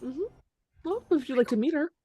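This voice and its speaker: A woman's voice: high voice, brisk, mellow, dry recording, faint music behind. Easygoing woman player, very dry sound. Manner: easygoing, brief replies. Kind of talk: casual tabletop play.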